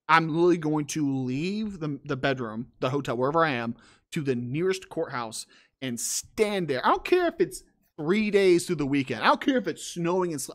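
Animated man mocking a read-out story. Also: a little high. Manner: animated, mocking, laughs often. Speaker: podcast co-host reading a story. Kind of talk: casual commentary on a read-out story.

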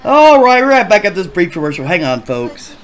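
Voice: medium pitch, sing-song, a little fast, pitched above the performer's own voice, lightly acted. A performer voicing a cheesy, upbeat male game show host in a Sims machinima. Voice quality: brash, upbeat host delivery.

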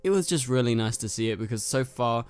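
A man's voice: medium pitch, expressive, fast, a little mellow, smooth, faint music behind. A man from North London with a London accent, casually reviewing a TV episode in a chatty, rambling way, full of fillers. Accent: London English. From North London, England. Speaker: TV review host.

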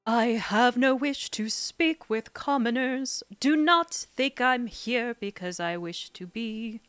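A snooty young pigeon aristocrat , read aloud by a woman, cold and condescending toward everyone around him. The delivery is unhurried and disdainful, in a voice sitting a little high, and the sound is dry and close with no room echo. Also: fairly bright tone, smooth, faint music behind. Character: haughty aristocratic male pigeon student.

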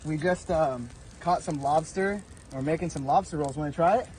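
A man making a cooking video, speaking calmly, politely and accommodatingly. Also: a little high, normal speed, a little hiss or hum, rough recording.

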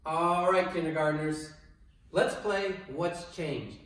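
A man coaching young children through movement games, with a high, slow and encouraging voice. He sounds distant from the camera, and a large echoing room rings around every word. A faint hum of room noise sits underneath. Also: a bit bright. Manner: slow, clear and encouraging, with playful exclamations. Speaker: kindergarten PE coach. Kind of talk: online PE lesson for children. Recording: echoey room from far off.

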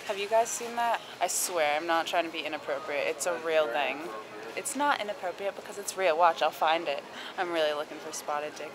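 A woman's voice: deep voice, a little fast, background noise. A young woman chatting casually in a vlog, giggly and full of filler words. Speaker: vlogger.

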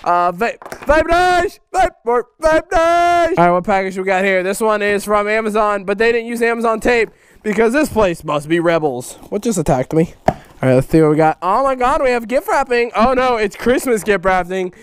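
A man hosting a casual fan mail vlog, excitable, loud and swearing constantly. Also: high voice, a little fast, slight background noise. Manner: excitable, loud and heavily profane. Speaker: YouTuber host.

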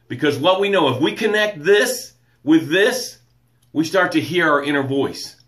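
Guy doing a live motivation show, bright tense voice, greets folks by name, reads their comments soft. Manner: drops soft and low to read quotes and breathing cues. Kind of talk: live-stream motivational talk.

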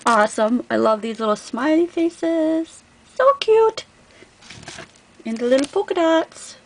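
Excited craft lady opening mail on camera, kinda high voice, faint hiss behind. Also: normal speed, poor audio. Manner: gushing, effusive. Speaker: craft vlogger. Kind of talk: casual unboxing vlog.

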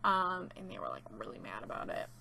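Young woman rambling about her week, lots of likes and ums, bright voice, faint hiss. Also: deep voice, wildly swooping pitch, fairly quick, creaky. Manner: chatty, rambling, with many fillers and laughs. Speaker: gaming YouTuber. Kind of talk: casual chat while playing.

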